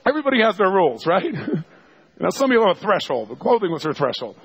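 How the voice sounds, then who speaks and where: A man telling a story to a seminar audience, animated, acting out the quotes and laughing along. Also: high voice, fast, husky, no room sound, dull audio. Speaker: seminar speaker.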